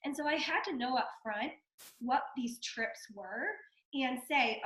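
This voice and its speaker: A woman in her thirties, hoarse from a cold, giving a chatty motivational fitness talk full of "like" and "okay". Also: sits high, lively intonation, a little slow, a bit bright. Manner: chatty, fillers and repeated okay. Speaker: fitness coach guest. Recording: echoey room.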